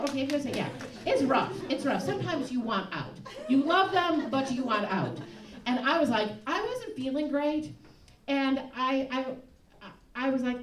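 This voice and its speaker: A woman comic in her thirties with a Chicago accent tells her story to a live crowd, her voice leaping up and down as she laughs through the punchlines. The sound is roomy and distant, caught from a stage mic with clear audience noise around it. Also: medium pitch. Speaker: stand-up comic. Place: comedy club stage.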